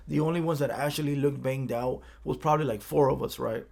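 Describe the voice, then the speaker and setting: A man's voice: mid-range voice, fairly quick, creaky, a little mellow. A man from Los County, telling a street story in a casual, profane way and often checking in with "right?". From Los Angeles County.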